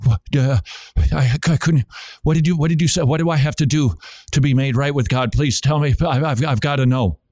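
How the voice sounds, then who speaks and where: A man's voice: medium pitch, brisk, a little mellow, dry recording, lightly acted. Brief: a man playing a trembling stranger, stammering, pleading, dry close sound. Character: trembling grown man begging for salvation.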